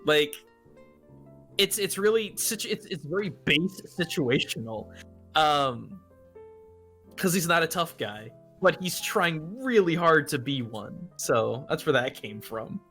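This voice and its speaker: A man and tabletop game player chatting casually in a live question session, animated and rambling with restarts. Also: a little high, a little slow, faint music behind.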